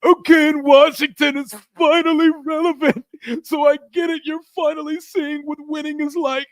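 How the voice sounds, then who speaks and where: A man putting on the voice of a whiny rival fan, reading his words in a shrill, exaggerated, mocking tone. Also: flat delivery, moderate pace, no room sound.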